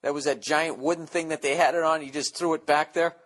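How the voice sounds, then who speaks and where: A man's voice: fairly high pitch, steady tone, fairly quick, a bit bright. A man in his forties hosting a podcast, rambling through a casual comedic monologue with profane, sarcastic rants. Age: 40s. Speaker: podcast host.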